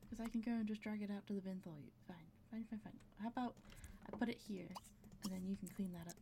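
Chatty woman with a gravelly, mellow voice. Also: medium pitch, fast, slight background noise. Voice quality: audible breathing. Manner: chatty, talks to her game characters, laughs often. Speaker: gameplay commentator. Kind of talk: casual gameplay commentary.

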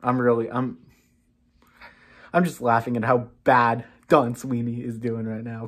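A woman's voice: a bass voice, flat delivery, a little slow, long pauses. Exasperated woman ranting. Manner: exasperated, scolding, swings between muttering and shouting. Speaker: sports fan channel host. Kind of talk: fan reaction rant to camera.

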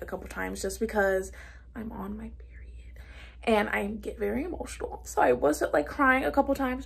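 Speaking from home to her camera, this twenties vlogger keeps things casual, chatty and bubbly, leaning heavily on "like" and "literally." Her voice sits in the mid range, creaky with a breathy edge.

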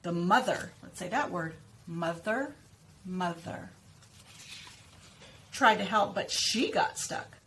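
Woman speech teacher, lower voice, clear deliberate articulation, story read-aloud with drills. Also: expressive, fairly bright tone, slight background noise. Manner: slow, clearly stressed repetition of target words. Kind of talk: reading a picture book aloud with word practice.

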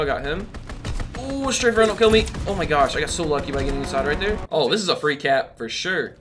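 A young man giving chatty, slang-filled live commentary over his gameplay, often exclaiming and laughing. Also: a little high. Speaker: gaming youtuber.

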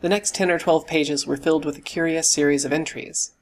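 A man reading a classic novel aloud as an audiobook narrator, in a steady, even storytelling manner. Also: a little high, fairly quick, slight background noise. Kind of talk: scripted narration.

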